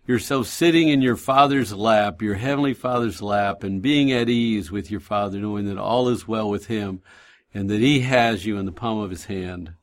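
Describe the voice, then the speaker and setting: A man hosts a Christian radio talk program in a gentle, pastoral voice at a middle pitch. He tells homey stories with a ready laugh and speaks slowly when offering encouragement. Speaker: radio show host.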